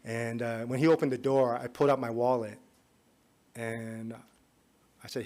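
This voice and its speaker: Hombre que cuenta una historia en tono de confidencia. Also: male voice, medium pitch, moderate pace. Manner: conversational, often drops to a soft confiding tone. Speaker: conference speaker. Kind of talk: personal story in a talk. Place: conference hall.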